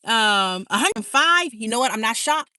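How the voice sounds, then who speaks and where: A woman's voice: fairly high pitch, lively intonation, unhurried, sharp tone. Bubbly woman chatting on a livestream. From California. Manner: bubbly, chatty, laughs often. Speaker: livestream host. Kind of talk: casual live chat reading comments.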